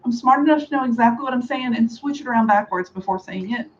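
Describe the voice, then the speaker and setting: A woman chatting casually through a hair styling tutorial at home, sarcastic and quick to laugh. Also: a little high, dull audio, a little hiss or hum. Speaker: beauty vlogger. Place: home room with a fan.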